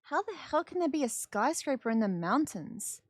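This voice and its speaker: A woman reading the lines of a vain, jumpy young male actor from a game, excitable and jumping high when startled. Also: moderate pace, no room sound, clean studio sound. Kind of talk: dramatic game dialogue read aloud.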